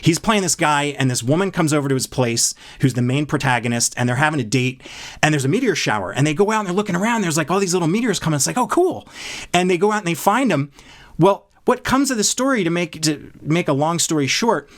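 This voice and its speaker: Fired-up man ranting about a show. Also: quick pace. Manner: animated, worked up, rising pitch when excited. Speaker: podcast co-host. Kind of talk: casual chat.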